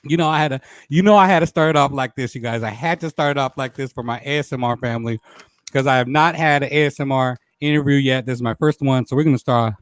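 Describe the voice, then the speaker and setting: A man's voice: mid-range voice, quick pace, smooth, dry recording. A man hosting a live stream talk show, playful and laughing often as he greets viewers by name. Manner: playful, laughs often, says y'all a lot. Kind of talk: live stream chat with shout-outs.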